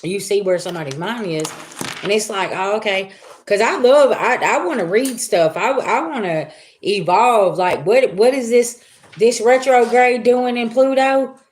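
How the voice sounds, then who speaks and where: On a live stream, a woman with a slightly high voice does a spiritual reading at an unhurried pace. Her casual monologue is chatty and emphatic, and she keeps tossing out rhetorical questions.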